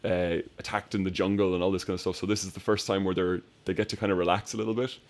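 A man chatting casually on a podcast, retelling movie scenes with animated, laughing energy. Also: deep voice, quick pace. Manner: animated storyteller, acts out film scenes with laughter. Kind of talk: casual chat.

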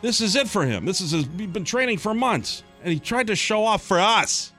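A male morning radio host tells a story, his pitch swinging up and down as he goes. His voice sits a little high for a man, with faint music under it. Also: a little fast. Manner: lively storyteller, animated.

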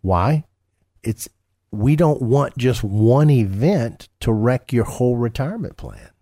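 A man's voice: medium pitch, lively intonation, slow, warm tone, dry recording, clean studio sound. A man co-hosting a retirement-planning radio show as a financial advisor, talking casually with many restarts and fillers.

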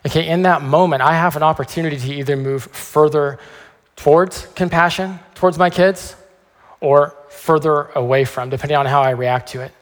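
A middle-aged man preaching a sermon in a casual, conversational way, often pausing on "okay". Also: a little high, steady tone. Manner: conversational, frequent "okay" asides. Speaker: pastor. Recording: long hall reverb.

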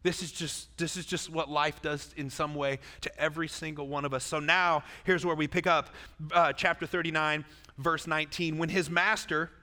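Bright-voiced preaching man. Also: a little high, normal speed, long reverb tail. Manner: lively and joking, with asides to the congregation. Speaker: pastor. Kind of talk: sermon. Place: church.

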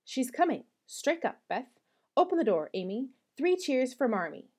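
An impetuous tomboyish teenage girl from a storybook, bursting out in high, eager exclamations, as a woman reading aloud puts her on. The voice is mellow and soft-edged, climbing well above the reader's usual pitch. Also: big pitch swings, normal speed, slightly rough, full character voice. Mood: excited.

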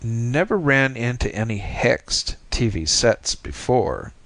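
A man's voice: mid-range voice, very animated, takes it slowly, a bit bright, dry recording. A man reading as a young bearded beatnik poet-repairman, cocky and slangy, with a self-assured drawl. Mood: ominous, confident.

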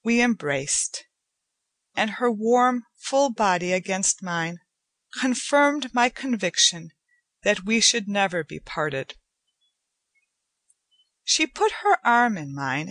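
Slow, unhurried woman storyteller. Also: mid-range voice, animated, fairly bright tone, no room sound. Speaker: audiobook narrator. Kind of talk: scripted story narration.

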